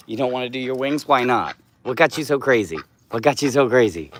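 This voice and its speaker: A man's voice: on the low side, lively intonation, brisk, few pauses, slight background noise. A man hosting a casual livestream, cooing to his pet duck in baby talk and thanking viewers for their comments. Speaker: livestream host.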